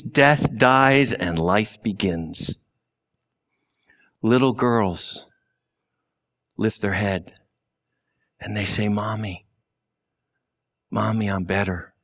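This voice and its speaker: A man preaching a sermon slowly and deliberately, with long pauses and sudden drops to a hush. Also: mid-range voice. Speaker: pastor.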